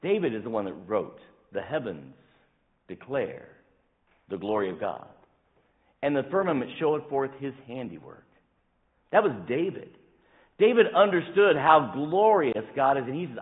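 Male pastor, emphatic sermon, lively rising and falling pitch, thin phone-like sound. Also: moderate pace, pauses often. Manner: emphatic, rising and dropping with stretched words. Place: church sanctuary. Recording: phone-like sound in a reverberant hall.

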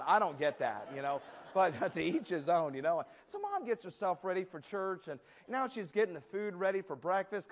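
A man's voice: fairly high pitch, fairly quick. Man preaching with comic storytelling. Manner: humorous storytelling, lively acted asides. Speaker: pastor. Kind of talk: sermon.

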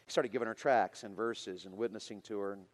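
A pastor telling a story in a sermon to teenagers, getting louder and more excited as he goes. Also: fairly low pitch, fairly quick, long reverb tail. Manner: animated, builds to loud excited preaching.

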